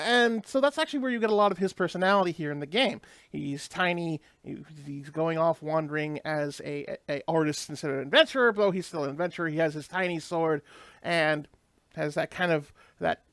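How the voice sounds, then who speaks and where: Man, let's play host, casual rambling commentary, animated pitch, dry close mic. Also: no echo. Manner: rambling, explanatory, many fillers and restarts.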